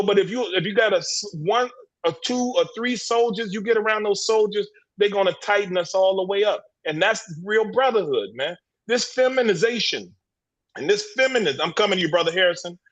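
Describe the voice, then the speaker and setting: A panelist in a men's discussion group, heard over a livestream video call, has a high, slightly bright voice and lo-fi sound. He argues with preachy emphasis in the heated group talk, often repeating words and starting his sentences over.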